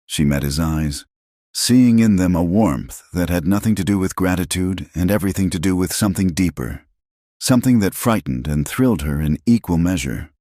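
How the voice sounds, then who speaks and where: A man with an extremely deep voice narrates a western tale in a steady, scripted storybook style. The sound is close and dry, with no room around it. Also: normal speed, dry recording.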